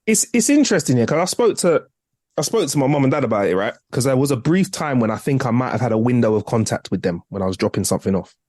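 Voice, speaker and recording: A young man, a podcast co-host, teasing and reacting quickly in casual comedy chat. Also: mid-range voice, sing-song, darkish tone, dry recording, studio quality.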